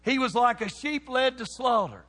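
A man preaching a sermon to young people, animated and throwing questions out to the crowd. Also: very high-pitched, moderate pace. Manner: animated, asks the audience questions. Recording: long hall reverb.

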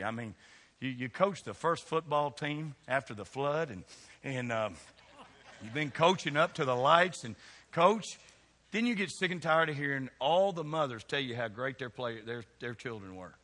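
A man with a Kentucky accent preaches a sermon in a church, folksy and teasing as he calls on people in the pews. His voice is bright and forceful, and it rings out into a long-reverb hall. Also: medium pitch, lively intonation, moderate pace. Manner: folksy, teasing congregation members by name. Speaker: pastor. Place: church sanctuary.

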